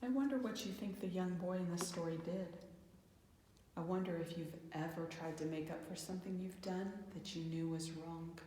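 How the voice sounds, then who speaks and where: A woman reading a children's picture book aloud in a calm, gentle manner, closing with reflective questions. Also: on the low side, moderate pace, echoey room, in a large hall, a little hiss or hum. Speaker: children's storyteller. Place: church hall.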